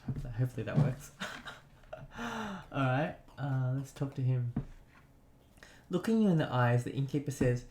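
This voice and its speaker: A man's voice: medium pitch, expressive, moderate pace, noisy background. A man casually commentating a retro game he remembers, reading its text aloud. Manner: chatty, nostalgic, reads on-screen text aloud. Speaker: let's play gamer. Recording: roomy echo.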